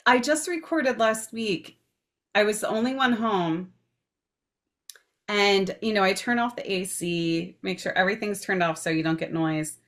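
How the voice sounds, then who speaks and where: A woman's voice: mid-range voice, a little slow. A woman in a casual chat, easygoing and a bit hedging as a guest. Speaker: paranormal investigator guest.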